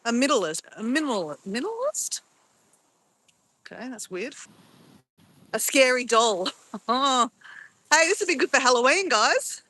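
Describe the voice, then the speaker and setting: A middle-aged woman chats casually on a live stream outdoors near a beach, holding her phone at arm's length and giggling playfully as she exclaims over camera filters. Her high-pitched voice is expressive and sharp, unhurried and full of pauses, and the audio quality is poor.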